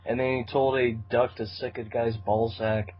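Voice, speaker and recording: A man's voice: mid-range voice, little pitch movement, moderate pace, slight background noise. Jokey crude guy on a podcast call, muffled lo-fi audio. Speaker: podcast panelist. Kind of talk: casual group chat.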